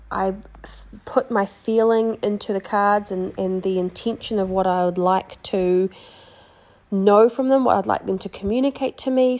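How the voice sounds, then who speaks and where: A young woman talks through card reading in a gentle, chatty teaching manner, pausing on plenty of ums and restarts. Her voice carries a gravelly fry at the ends of phrases, set at an ordinary middle pitch for a woman. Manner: gentle, chatty, many fillers and restarts, light laughs. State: pregnant, yawning. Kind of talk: casual instructional talk.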